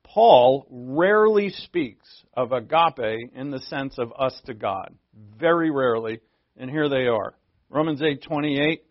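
A man's voice: mid-range voice, animated, measured pace, dry recording, highs cut off. A man preaching a sermon as pastor, in a conversational style that often asks the listeners questions.

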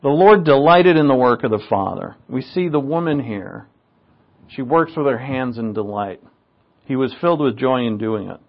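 A man's voice: medium pitch, expressive, moderate pace, dull audio. A man preaching a conversational sermon, with joking, self-mocking asides.

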